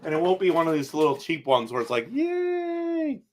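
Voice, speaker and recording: A man hosting a casual live stream, reading chat comments aloud and answering them in an animated, chatty way with frequent restarts. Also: fairly high pitch, fast talker. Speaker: livestream host reading chat.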